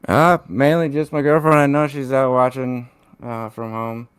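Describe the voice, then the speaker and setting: A man, a racing driver, giving a halting, laid-back post-race interview. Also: mid-range voice, flat delivery, smooth, no echo, clean studio sound.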